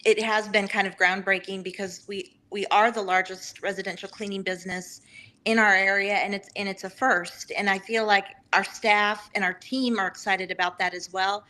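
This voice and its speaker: A woman's voice: medium pitch, little pitch movement, normal speed, pushed and bright. A woman from Georgia, an eager podcast guest who halts with fillers. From Savannah, Georgia. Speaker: podcast guest, business owner. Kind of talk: casual interview talk.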